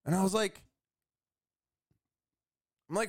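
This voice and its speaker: A man's voice: high voice, animated, measured pace. A man telling a story straight to camera in a casual, exasperated way, swearing often. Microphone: camera facing speaker.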